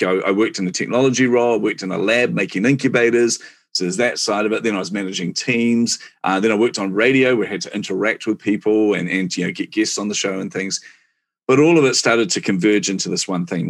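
Man, New Zealand accent, forties, very low pitch, animated, casual storytelling. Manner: chatty, animated, laughs often. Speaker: guest, marketing executive.

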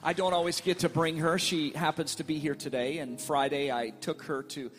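A middle-aged male pastor telling a family story in a sermon, animated and playful, acting out the voices in his quotes. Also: on the high side, moderate pace, in a large hall.

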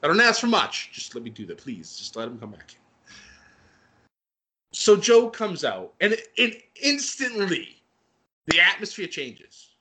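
Animated, bright-voiced man recapping wrestling. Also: high voice, measured pace, pauses often. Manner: animated, excitable, frequent laughs and fillers. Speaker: wrestling podcast co-host. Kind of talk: casual recap chat.

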